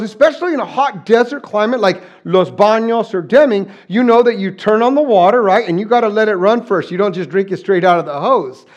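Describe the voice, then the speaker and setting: A man's voice: sits high, animated, fairly quick, hardly any pauses, dull audio. A middle-aged man from southern New Mexico preaching a conversational sermon, folksy and joking, with frequent restarts. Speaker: pastor.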